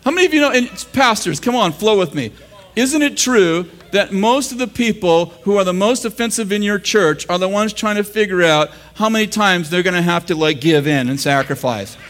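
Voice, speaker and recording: Joking American pastor with a raised voice. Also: male voice, high-pitched, lively intonation, normal speed, a bit bright. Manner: joking, conversational, laughs at his own lines. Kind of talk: sermon teaching. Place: church.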